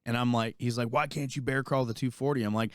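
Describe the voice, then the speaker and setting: A young man in casual podcast chat, swearing freely as he rambles through an army story. His voice sits mid-range and is recorded close and dry, with no room sound. He gets louder and higher when he acts out the quarrel. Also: fast, no echo. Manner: rambling, profane, animated when retelling. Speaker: podcast co-host, army veteran.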